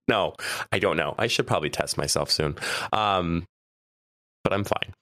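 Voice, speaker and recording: A man's voice: deep voice, a little slow, a bit bright, no room sound. A man co-hosting a podcast in casual chat, a little stuffy, chatty and laughing often. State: stuffy nose. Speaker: podcast co-host.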